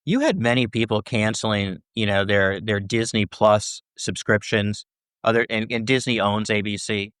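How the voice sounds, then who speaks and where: A man's voice: on the low side, normal speed, fairly bright tone, clean tone, no echo, clean studio sound. A man answering interview questions as a scholar, talking in long explanations and checking in with "right?" between points. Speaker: First Amendment scholar guest.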